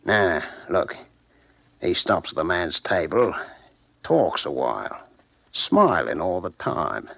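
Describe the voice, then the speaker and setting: Grigsby, a gravelly boastful thief. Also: male voice, low-pitched, sing-song, takes it slowly, long pauses, fairly bright tone, no echo, exaggerated voice. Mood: scheming. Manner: hearty, swaggering, laughs often. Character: boastful male master thief, scheming. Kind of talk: old-time radio drama acting.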